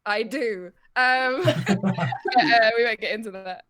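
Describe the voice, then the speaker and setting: A woman chatting casually with friends, enthusiastic and quick to laugh. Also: fairly high pitch, a bit bright, a little hiss or hum. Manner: giggly, enthusiastic. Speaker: podcast co-host. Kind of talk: casual chat.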